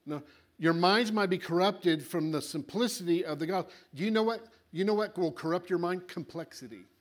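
A man preaching a sermon with animated delivery, acting out little voices and swinging between loud and quiet. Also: high voice, a little fast.

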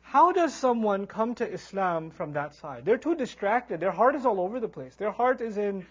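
A man giving a humorous Quran lecture as a teacher, animated and acting out characters as he tells stories. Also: sits high, normal speed, slightly rough, highs cut off. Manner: animated storyteller, acts out quoted characters. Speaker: Islamic teacher.

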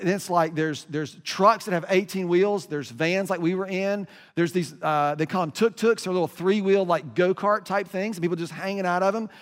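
An American man telling a travel story in a sermon, animated and emphatic, often restarting his sentences. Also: high voice. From United States. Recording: reverberant hall.

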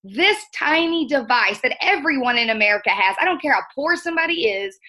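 A woman's voice: high voice, lively intonation, brisk, bright, forceful tone. A middle-aged woman, a guest trainer speaking earnestly and emotionally in a folksy way. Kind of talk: motivational training talk.

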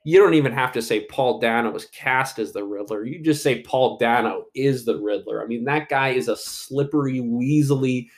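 A man's voice: mid-range voice, moderate pace, few pauses. A man giving casual solo commentary on an upcoming movie, rambling with many fillers and restarts and swearing casually.

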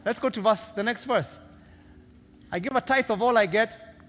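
A man preaching a sermon, animated and joking as he teases his congregation. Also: sits high, normal speed. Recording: long reverb of a big hall.

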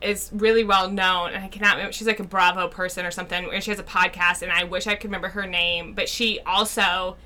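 A woman co-hosting a casual podcast chat, blunt and quick to swear, often laughing. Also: fairly low pitch, fairly even intonation, sharp tone. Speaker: podcast co-host.

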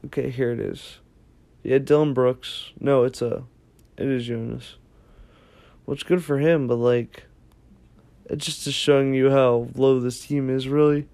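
A man's voice: mid-range voice, steady tone, a little slow, pauses often, a little mellow. A young man, giving casual unscripted commentary in a vlog, rambling and correcting himself as he thinks aloud. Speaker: basketball ranking vlogger.

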